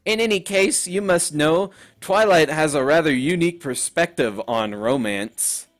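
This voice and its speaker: Posh dramatic female pony, voiced by a man: refined, theatrical, lifted pitch, unhurried. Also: soft background music, close to an everyday voice. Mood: haughty. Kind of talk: reading game dialogue aloud.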